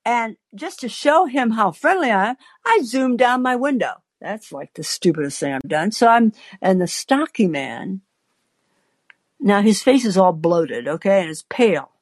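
An older woman, an advice columnist and podcast host, tells her listeners a long story peppered with wry asides. She talks slowly, her pitch swooping up and down expressively, in a dry, close recording with no echo.

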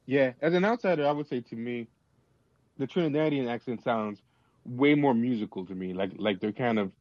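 A man's voice: medium pitch, normal speed, no room sound, dull audio. A man hosting a call-in podcast, chatting in an opinionated way with frequent fillers and restarts, speaking into a tablet mic. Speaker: podcast host. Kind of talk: casual chat.

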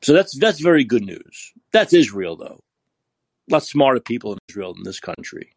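A man's voice: mid-range voice, very animated, normal speed, husky, no room sound. A man hosting a podcast, delivering a profane, sarcastic political rant. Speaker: podcast host. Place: San Francisco.

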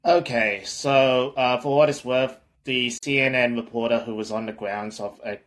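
A man on a casual podcast who talks hesitantly, filling pauses with um and uh and circling back to restart his points. His voice sits at an ordinary middle pitch. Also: steady tone, fairly bright tone. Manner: hesitant, halting, many fillers.

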